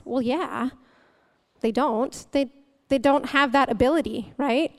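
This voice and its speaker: A woman's voice: high voice, measured pace. A young woman giving a conversational sermon as a guest speaker, chatty and humorous, often breaking into laughter.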